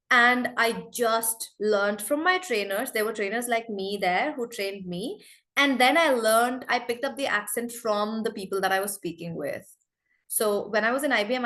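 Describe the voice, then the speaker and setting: A woman from India in her forties leads an online English class over a video call. Her voice sits a little high, and she talks in a lively, encouraging way, calling on students often. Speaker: spoken English teacher.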